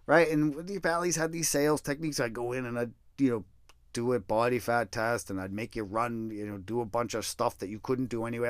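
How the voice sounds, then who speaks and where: A man's voice: quick pace, dry recording, studio quality. Blunt, swearing man telling a story. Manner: profane, blunt and self-deprecating; swings between loud bursts and low mutters. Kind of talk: casual personal storytelling.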